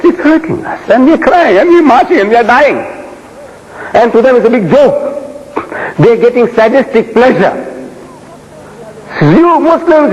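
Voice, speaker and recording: A man's voice: high-pitched, a little mellow. A man giving an emphatic, rhetorical lecture to a live audience, repeating phrases for effect. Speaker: public speaker. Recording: lo-fi recording in a reverberant hall.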